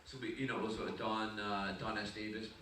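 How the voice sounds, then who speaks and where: A man's voice: lowish voice, flat delivery, a little fast, fairly bright tone. Chatty Scottish-born man, echoey hall. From Scotland. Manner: chatty storyteller, many restarts. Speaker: panel guest. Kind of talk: convention panel anecdote. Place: large convention hall. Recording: echoey hall, distant mic, background noise.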